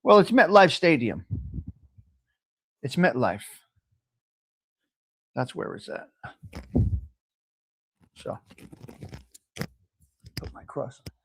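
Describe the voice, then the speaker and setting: High-voiced blunt New man. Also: very animated, very slow, pauses often, a bit bright, husky. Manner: blunt, joking, swears freely, talks straight to chat. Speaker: host of a live coffee talk stream. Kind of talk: casual live-stream chat with viewers.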